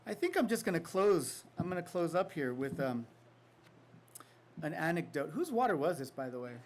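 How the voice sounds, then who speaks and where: A man, an author at a literary reading, reading a poem and then telling a story in a reflective, unhurried way with casual fillers. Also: a little high, sing-song, slight background noise. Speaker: author giving a faculty reading.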